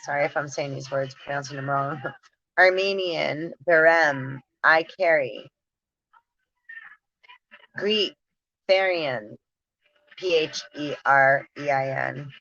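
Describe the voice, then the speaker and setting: A woman with a low, bright voice reads through word lists at an unhurried, drawn-out pace, breaking into giggles now and then. The sound is dry and a bit dull, like a simple home recording. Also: gravelly, dry recording. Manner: slow, drawn-out word reading with frequent giggles. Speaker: spiritual channel host. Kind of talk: reading word lists aloud, casual musing.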